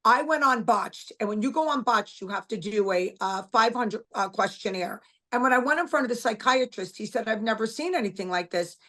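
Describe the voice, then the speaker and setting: Middle-aged woman guest, blunt and emphatic, a bit higher-pitched, casual interview talk. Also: moderate pace, hardly any pauses, pushed and bright. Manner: blunt, emphatic, repeats herself. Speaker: guest, author.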